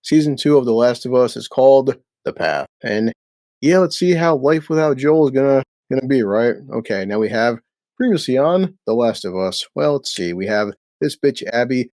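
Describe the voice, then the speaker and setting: A man's voice: medium pitch, animated, moderate pace, a little mellow, dry recording. Blunt, profane man recapping a show. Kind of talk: casual TV episode recap.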